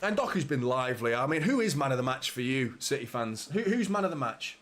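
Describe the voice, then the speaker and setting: A young man hosts a live football watchalong. He calls the play and rambles to his viewers, frustrated and swearing freely. His voice sits at a middle pitch. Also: very animated, fairly quick, fairly bright tone. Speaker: fan channel host.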